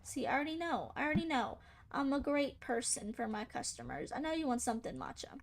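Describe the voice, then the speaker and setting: Sassy high-voiced young woman gamer. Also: very animated, fast talker, a little hiss or hum. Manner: playful, sassy, talks back to game characters. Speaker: gaming channel host. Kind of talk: casual gameplay commentary.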